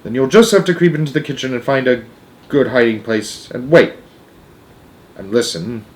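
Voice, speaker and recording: A man voicing a firm, proper elderly grandmother who talks in a brisk, determined way, in a storybook reading. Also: mid-range voice, close to an everyday voice.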